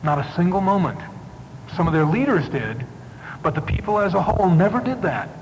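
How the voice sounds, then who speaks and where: A male preacher tells a story in a sermon with dramatic, shifting emphasis. His voice is fairly high and rings in a reverberant hall. Faint noise runs underneath. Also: big pitch swings, fairly quick.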